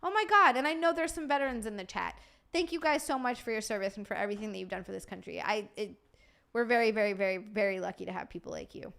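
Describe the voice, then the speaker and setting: A woman hosting a livestream, rambling warmly through thank-yous, tired from lack of sleep. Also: medium pitch, animated, fast, creaky. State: sleep-deprived. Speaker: livestream host. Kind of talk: casual stream sign-off chat.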